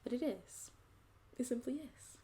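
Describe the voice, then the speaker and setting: A woman's voice: fairly high pitch, lively intonation, a little slow, warm tone. A woman hosting her own video channel, talking earnestly and reflectively straight to her viewers in a casual, chatty way. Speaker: host and poet. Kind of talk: casual vlog monologue to viewers.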